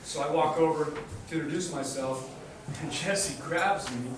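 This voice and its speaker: A man's voice: on the high side, normal speed, background noise. Man telling stories in an echoey hall. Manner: storytelling, laughs often, chokes up near the end. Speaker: friend giving a eulogy. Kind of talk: memorial speech with stories. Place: memorial hall. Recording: distant mic in echoey hall.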